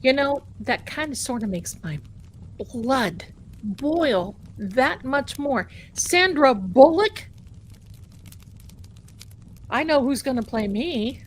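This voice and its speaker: A woman with a Boston accent hosts a tarot livestream in a casual, sarcastic and animated way, often repeating herself for emphasis. She speaks slowly in a fairly high voice. A faint hum of room noise sits behind her.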